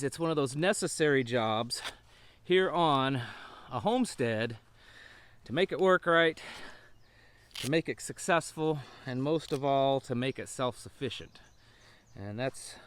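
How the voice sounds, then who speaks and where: A winded middle-aged man talks to his camera out in a farm pasture, folksy and rambling. His voice sits at an ordinary middle pitch, heard through a camera mic in the open air. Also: a bit bright, a little hiss or hum. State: out of breath. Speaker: homestead channel host. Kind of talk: casual outdoor vlog. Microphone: camera mic outdoors.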